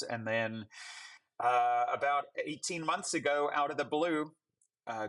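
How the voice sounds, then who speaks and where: A man in his forties with a light South African accent, a pastor telling his story as a guest in a friendly, relaxed way. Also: medium pitch. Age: 40s. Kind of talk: conversational interview answer.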